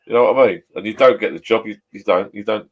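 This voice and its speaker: A man's voice: lowish voice, fast talker. A man in his fifties chatting casually in his home pub shed, rambling, swearing and chuckling a few beers in. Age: 50s. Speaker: vlogger.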